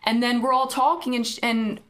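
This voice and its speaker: A woman's voice: fairly high pitch, fairly quick. A woman co-hosting a podcast, telling a hectic story in casual chat and acting out what people said. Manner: animated storytelling, acting out quoted dialogue. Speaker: podcast co-host.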